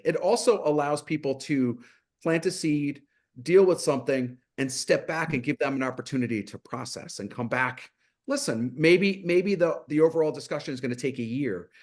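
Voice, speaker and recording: A man speaking as a mental health guest in a webinar discussion, animated and full of rhetorical questions. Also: mid-range voice.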